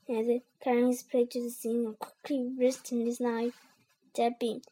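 A child reading a storybook aloud in an earnest, slightly halting way with small slips. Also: medium pitch, completely flat delivery, mellow, breathy edge. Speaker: reader.

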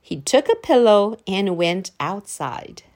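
A woman from China reading a children's picture book aloud in a slow, clearly paced, very animated way. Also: medium pitch. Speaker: storyteller. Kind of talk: children's storybook read-aloud.

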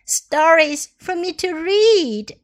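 Clara, a woman voicing an eager little girl. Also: a little slow. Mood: excited. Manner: high, excited and pleading.

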